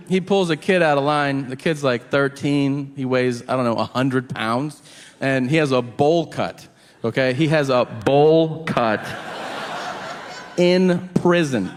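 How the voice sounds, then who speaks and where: A man doing live stand-up storytelling, animated and profane, laughing through his punchlines on a large stage. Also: a little high, slight background noise. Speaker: stand-up comedian.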